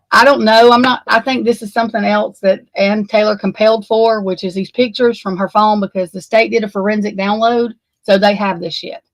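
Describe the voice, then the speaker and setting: A woman's voice: mid-range voice, no echo, rough recording. Distraught woman, dry close sound. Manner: distraught, halting, swearing, stammering. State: shaken, close to tears. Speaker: true crime commentator. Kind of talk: emotional unscripted commentary.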